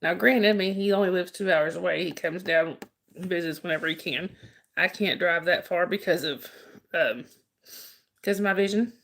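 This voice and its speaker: Gravelly-voiced woman chatting playfully. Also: lowish voice, moderate pace, fairly bright tone. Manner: laughs often, teasing and playful with viewers. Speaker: live stream host chatting with viewers. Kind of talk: casual live stream chat.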